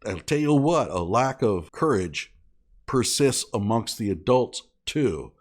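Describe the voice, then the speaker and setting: A man's voice: mid-range voice, animated, measured pace. A man delivering an indignant, sarcastic commentary rant, scolding as he talks. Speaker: online commentator.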